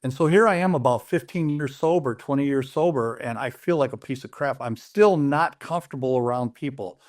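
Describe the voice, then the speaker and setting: A man's voice: mid-range voice, brisk. Earnest middle-aged man sharing his story. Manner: earnest, plain-spoken, retelling dialogue. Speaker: interview guest. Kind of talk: personal story in an interview.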